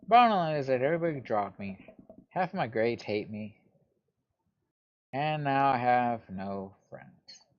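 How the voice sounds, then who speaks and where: A man's voice: mid-range voice, darkish tone, lightly acted. A man voicing an upset teenage girl who rambles and vents to her dad in an exasperated, gossipy way, on a dull lo-fi recording. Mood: hurt.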